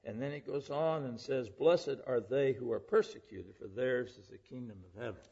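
A man's voice: medium pitch, moderate pace, creaky, dark tone, breathy edge. A man preaching a sermon, earnest, who often asks the listeners questions. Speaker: preacher and public school teacher. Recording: dull lo-fi sound with long hall reverb.

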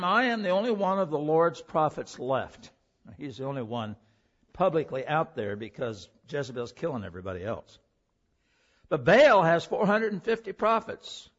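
A male pastor preaching a sermon, reading scripture aloud and explaining it with animated emphasis. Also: a little high, muffled recording.

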